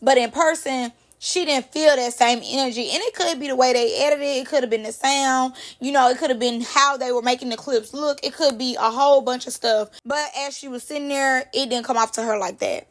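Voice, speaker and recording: Young woman, high voice, lively slangy gossip recap, talks straight to camera. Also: a little fast, hardly any pauses. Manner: animated, slangy storytelling. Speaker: reality TV recap host.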